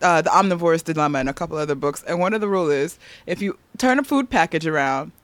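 A woman co-hosting a casual chat, animated, laughing often and swearing freely. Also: sits low, quick pace, no echo.

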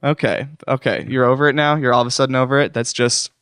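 A man's voice: medium pitch, fairly even intonation, fast talker, fairly bright tone, smooth, dry recording, clean studio sound. A man hosting a comedic call-in show, talking in a rambling, self-deprecating, mock-wounded way.

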